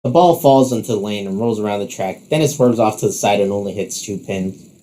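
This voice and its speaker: Male narrator for second-person story, steady, warm mellow tone. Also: fairly low pitch, brisk.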